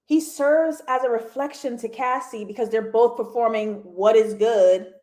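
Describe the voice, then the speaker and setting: High-voiced woman hosting a TV review. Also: normal speed. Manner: animated, laughs often, talks to chat. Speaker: TV review host. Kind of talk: casual livestream review.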